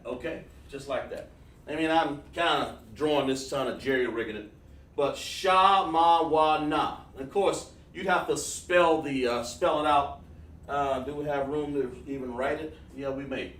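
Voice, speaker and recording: A man teaches a loose, chatty lesson to viewers as he draws on a board. His voice sits a little high for a man. He sounds a step back from the mic in a roomy, echoing space. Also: a bit bright, distant mic, slight background noise. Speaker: Hebrew teacher on a livestream. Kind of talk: casual livestream lesson. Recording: echoey room, voice away from the mic.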